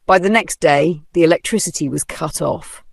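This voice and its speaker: Dramatic storybook narrator, slight gravel. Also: mid-range voice, moderate pace, no echo, clean studio sound.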